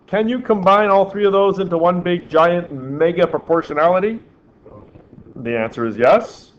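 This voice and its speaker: A man's voice: high-pitched, normal speed. A man teaching a physics class, quizzing his students and making dry joking asides. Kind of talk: classroom lecture. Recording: slightly dull classroom recording with faint background hiss.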